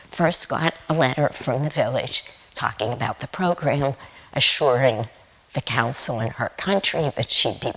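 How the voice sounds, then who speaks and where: A woman giving a Sunday sermon, reading scripture quotes in a slow, tender way. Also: low voice, low-quality recording. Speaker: guest speaker at Sunday service.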